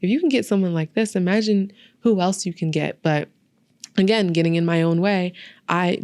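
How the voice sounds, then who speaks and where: A young woman with a fairly low voice chats on a podcast, animated and storytelling as she acts out what she and others said. The sound is close and dry, with no room around her. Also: no echo. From Albany, New York. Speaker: podcast host and guest. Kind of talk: casual interview chat.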